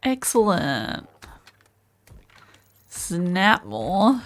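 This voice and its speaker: A woman's voice: on the low side, very animated, extremely slow, long pauses, no room sound. A woman streamer giving casual gameplay commentary, musing and thinking aloud as she plays. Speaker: game streamer.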